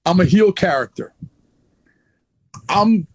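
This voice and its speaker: A man's voice: high-pitched, animated, slow, a little mellow, muffled recording. A man who is a wrestler guest, telling a story in a blunt, profane, heated way in a casual interview.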